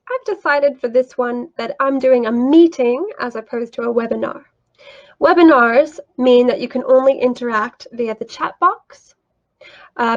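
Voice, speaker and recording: A woman, an English teacher, walking through her lesson plan and online classroom tools in a clear, explanatory way. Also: on the high side, dull audio.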